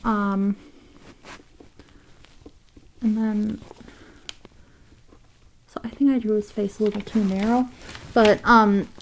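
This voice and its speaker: Slow, gravelly woman teaching drawing. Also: mid-range voice, fairly even intonation, slight background noise. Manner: rambling, with fillers and soft asides. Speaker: drawing tutor. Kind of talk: casual drawing tutorial.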